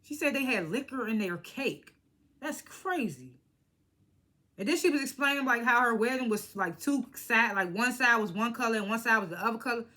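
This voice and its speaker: A young woman vlogging a casual reality TV recap, animated and slangy, laughing as she acts out what the cast said. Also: a little high, normal speed. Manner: animated, laughing, slangy retelling with acted-out quotes. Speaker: reality TV reviewer.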